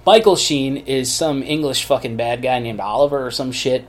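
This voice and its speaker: A man's voice: mid-range voice, moderate pace. A man co-hosting a podcast, chatting casually and profanely about a movie and breaking into goofy impressions of characters. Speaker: podcast co-host. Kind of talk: casual chat.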